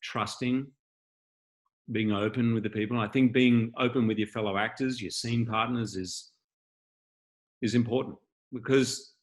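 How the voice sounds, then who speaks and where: A man's voice: medium pitch, fairly even intonation, a little slow, long pauses. A man being interviewed as the patron of an acting school, telling candid, reflective anecdotes over a video call. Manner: reflective, openly shares feelings.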